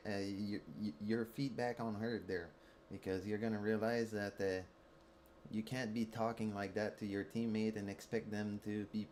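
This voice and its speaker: A man's voice: fairly low pitch, a little mellow. Quebec french guy on stream, mad and swearing a lot, going on and on, faint background hum. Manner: heated, profane, repetitive ranting. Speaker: mobile game streamer. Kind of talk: angry rant while streaming gameplay.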